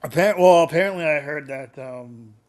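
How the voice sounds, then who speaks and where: A man's voice: on the high side, moderate pace. A man co-hosting a podcast in casual banter, teasing and repeating himself to needle his partner. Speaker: podcast co-host.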